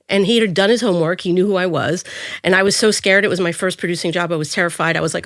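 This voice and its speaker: A woman in her thirties tells her career stories as a guest, lively and quick to act out what others said in a higher voice. The sound is close and dry, with no room around it. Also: no room sound. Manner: animated, acts out quotes in a higher voice. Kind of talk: storytelling in an interview.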